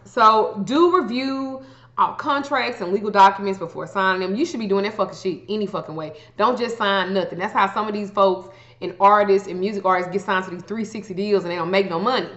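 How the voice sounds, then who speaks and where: A woman's voice: medium pitch, moderate pace, a bit bright. A woman giving astrology advice in a blunt, profane, casual rant. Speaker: astrology vlogger. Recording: echoey room, dull lo-fi sound.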